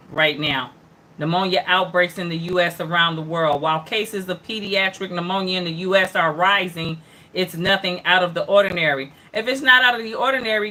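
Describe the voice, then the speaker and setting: A woman with a bright, forward voice hosts a casual livestream news show. She reads each headline aloud, then breaks off into chatty reactions, murmured mm-hmms and greetings to viewers by name. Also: lowish voice. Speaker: host of an online news hour.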